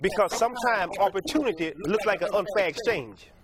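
Male preacher, high voice, folksy and repetitive, self-correcting, loud congregation behind. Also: brisk, a crowd in the background. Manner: repetitive, folksy, breaks off to correct himself, laughs at his own stories. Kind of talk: sermon.

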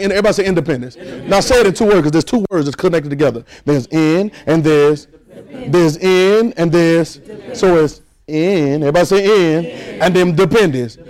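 High-voiced preacher urging his congregation. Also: a little mellow, rough recording. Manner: exhorting, repeats phrases, leads congregation responses. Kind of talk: sermon with call and response.

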